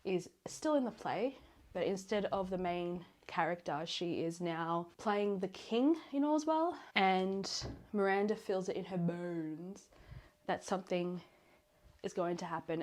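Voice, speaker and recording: A young woman chatting in a casual reading vlog, her voice nasal and congested from illness, rambling excitedly and correcting herself as she goes. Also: mid-range voice. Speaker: book vlogger.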